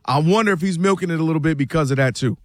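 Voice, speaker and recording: High-voiced man arguing sports, dry sound. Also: very fast, no room sound. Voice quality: emphatic, speculative, acts out quotes in other voices. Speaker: sports talk co-host. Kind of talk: animated sports debate.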